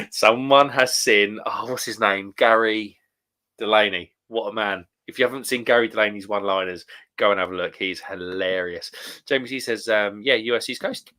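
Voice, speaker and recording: A man's voice: on the low side, normal speed, pushed and bright. A man hosting a casual beer live stream, chatting, reading out viewer comments and calling people mate. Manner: chatty, laughs often, calls people mate.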